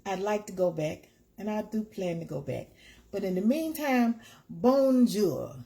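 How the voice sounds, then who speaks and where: A woman's voice: mid-range voice, sing-song, moderate pace, creaky, warm tone. Chatty woman hosting a live stream. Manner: chatty, repeats herself, talks to viewers by name. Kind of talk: casual live-stream chat.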